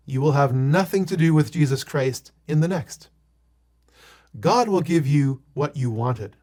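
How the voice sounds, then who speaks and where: A man hosting a report, reading scripted, solemn remarks with a Bible quote in a measured way. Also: on the high side, a little mellow. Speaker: host of a report show. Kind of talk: scripted narration.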